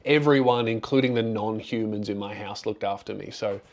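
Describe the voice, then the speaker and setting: A man's voice: lowish voice, moderate pace. Man, young adult, comedian, casual candid talk, earnest, grateful, rambling restarts. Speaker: comedian and channel host.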